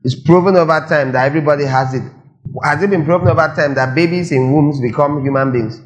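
A man's voice: on the high side, fast, lo-fi sound. A man preaching a sermon, firing rhetorical questions and repeating lines for emphasis. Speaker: pastor.

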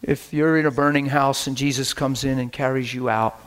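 A man preaching a sermon, telling animated stories and acting out scenes, breaking into laughter, shouts and whispers. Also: medium pitch, normal speed. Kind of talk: storytelling sermon.

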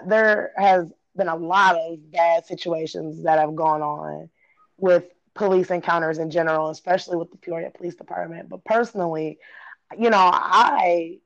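A woman in her thirties from Illinois, telling her own story in casual talk, laughing often, cursing freely and acting out what people said. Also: lowish voice. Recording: dull lo-fi recording.

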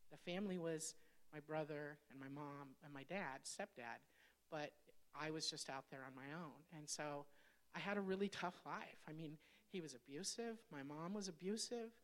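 A woman in her fifties, a pastor, telling her personal testimony in a candid, conversational sermon that speaks straight to the congregation. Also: low voice. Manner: candid, conversational, addresses audience directly.

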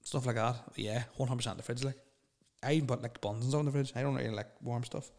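A man's voice: mid-range voice, steady tone, fast, darkish tone. A young man hosting a solo podcast, rambling and swearing bluntly as he answers listener questions. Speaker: podcast host.

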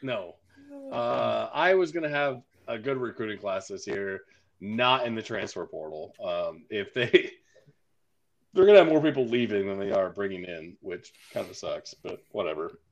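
A man's voice: fairly low pitch, moderate pace, dull audio. A man co-hosting a casual sports podcast, joking and cursing as he tells stories. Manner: joking, profane, animated storyteller. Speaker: podcast co-host.

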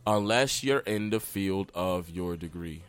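A man's voice: low-pitched, unhurried, clear, resonant tone. A young man hosting a casual solo podcast, talking bluntly in loose slang and restarting his sentences often. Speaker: podcast host.

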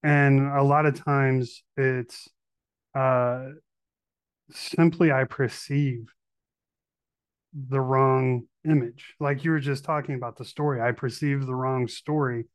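A man's voice: medium pitch, fairly even intonation, takes it slowly, clean tone, no echo. A man hosting a podcast, answering in casual conversation and candidly admitting his own faults. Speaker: podcast host.

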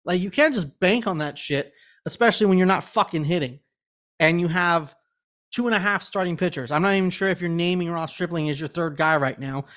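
A man's voice: high-pitched, brisk, fairly bright tone. A man co-hosting a casual sports podcast, rambling and swearing in frustration. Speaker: podcast co-host.

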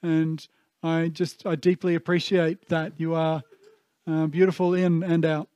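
A man in his thirties preaches a sermon with a high, bright-sitting voice. He speaks earnestly and from the heart, with plenty of ums and restarts. The sound is dry and close, with no room echo. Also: little pitch movement, a little slow, clear, resonant tone. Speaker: pastor.

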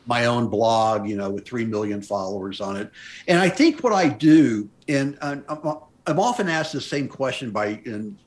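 A man's voice: mid-range voice, normal speed. Storytelling older man in podcast chat. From United States. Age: 60s. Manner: storytelling, animated quoting. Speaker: podcast guest, mountaineer. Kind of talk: casual interview chat.

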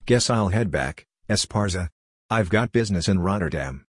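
A man's voice: low voice, lively intonation, normal speed, no room sound, clean studio sound. A man voicing a cocky, taunting male rival in a spoken story, with a sneering manner. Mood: mocking.

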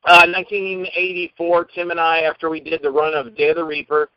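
High-voiced man telling rambling stories. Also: a little fast, no echo, lo-fi sound. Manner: animated, rambling anecdote teller. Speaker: guest actor. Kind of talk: casual interview storytelling.

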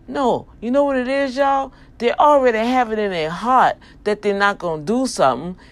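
A vlogger from New Orleans in the US South speaks to her online family in a slightly high voice at normal speed. Her accent is pure New Orleans, and her casual, preachy monologue is packed with emphatic rhetorical questions.

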